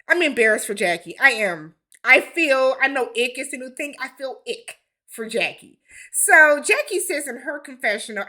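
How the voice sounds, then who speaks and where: A woman hosting a casual reality TV recap, with blunt, animated commentary and slangy asides. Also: fairly high pitch, moderate pace. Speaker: TV recap host.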